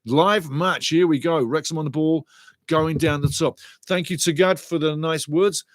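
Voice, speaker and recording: A man hosting a live football watchalong, giving rambling, chatty match commentary and shouting out to viewers in the chat. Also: a little high, moderate pace, no echo. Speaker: watchalong host.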